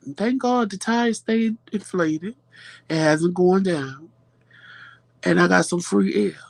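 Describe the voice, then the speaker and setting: A woman hosting a vlog, telling viewers a story in a casual, animated way and often repeating phrases for emphasis. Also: fairly low pitch, slow, vocal fry, no echo. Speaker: vlog host.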